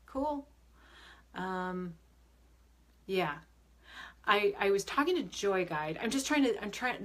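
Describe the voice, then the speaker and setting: Chatty woman medium on a livestream. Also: fairly low pitch. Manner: chatty, upbeat, many fillers and restarts; reads viewer comments aloud and answers them. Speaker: medium and spiritual advisor. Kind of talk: live-stream Q&A with viewers. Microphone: phone or webcam on a live video stream.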